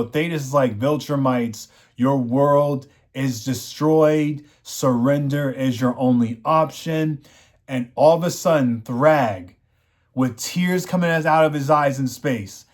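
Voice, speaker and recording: A man giving an excited, casual recap of a show, retelling scenes and quoting the characters along the way. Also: mid-range voice. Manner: enthusiastic, retells scenes with quoted lines. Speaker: show reviewer.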